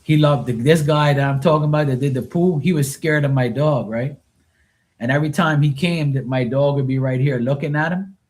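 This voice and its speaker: A man's voice: fairly high pitch, brisk, a little mellow. A man chatting casually on a live tarot stream, rambling and swearing freely. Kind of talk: casual livestream chat.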